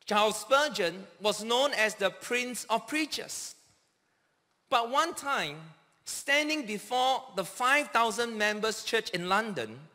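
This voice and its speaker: A man preaches a sermon in a very high, bright voice. He takes his time, leaning on each phrase and calling out quoted cries with dramatic force. His words ring out with the long reverb of a large church hall. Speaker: pastor.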